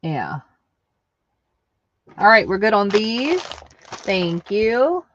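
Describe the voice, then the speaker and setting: A woman's voice: medium pitch, sing-song, very slow, a bit bright, lo-fi sound, a little hiss or hum. A woman hosting a live online craft sale, chatting casually and answering viewer comments aloud. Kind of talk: casual live-selling chat.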